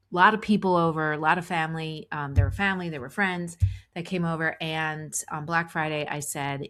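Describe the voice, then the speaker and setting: Lowish-voiced woman telling a story. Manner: animated retelling with many restarts and acted inner thoughts. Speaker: podcast host. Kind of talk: storytelling monologue.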